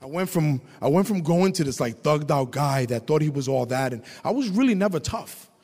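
A man preaching a testimony sermon, telling his story with animated delivery and shouting at high points. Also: a little fast, slightly rough, in a large hall.

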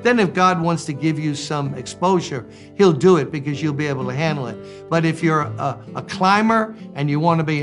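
A man in his sixties preaching a sermon, animated, swinging between loud exclamations and quiet asides. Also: fairly high pitch, normal speed, soft background music. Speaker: pastor.

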